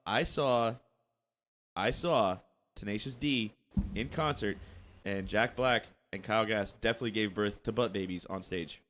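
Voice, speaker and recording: A man's voice: on the low side, moderate pace, a bit bright, slight background noise. A young man co-hosting a podcast, talking in skeptical, sarcastic casual chat. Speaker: podcast co-host.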